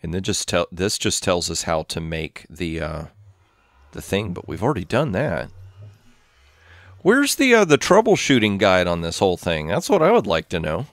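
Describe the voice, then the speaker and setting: Man, low voice, lively swings in tone, dry close desk mic at home; casual game host who muses aloud and counts under his breath. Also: moderate pace, no echo. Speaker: gameplay channel host. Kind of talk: casual gameplay commentary. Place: home room with his cat.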